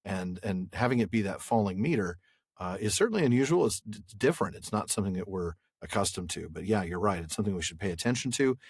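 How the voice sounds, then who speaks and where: A man's voice: lowish voice, expressive, quick pace, slightly rough, no room sound, studio quality. A man co-hosting a podcast, chatting casually and joking about a book, then reading a passage aloud steadily. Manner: easygoing, joking, reads narration steadily. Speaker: podcast co-host.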